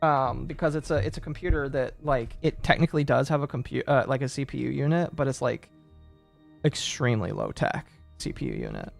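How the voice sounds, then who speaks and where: A man's voice: mid-range voice, sing-song, fairly quick, creaky, faint music behind. A man streaming, chatting casually and reading messages aloud, rambling and trailing off mid-thought.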